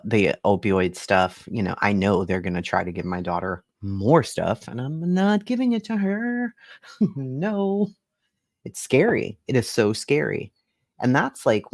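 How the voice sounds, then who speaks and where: A man's voice: on the low side, creaky, no echo. Dry-voiced man, laughing reaction chat. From Boston, USA. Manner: laughing, profane, mocking. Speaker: streamer reacting to a debate.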